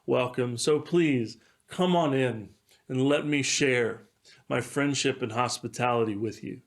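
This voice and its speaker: A man voicing a kind, humble male priest who speaks gently and calmly. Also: medium pitch, a little slow, lightly acted. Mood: welcoming. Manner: gentle, welcoming.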